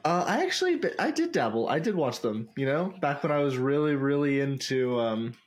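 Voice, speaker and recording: A man's voice: medium pitch, very animated, moderate pace, slight background noise. A man co-hosting a casual podcast, rambling with fillers and laughing often. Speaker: podcast co-host. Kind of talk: casual chat. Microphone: podcast microphone.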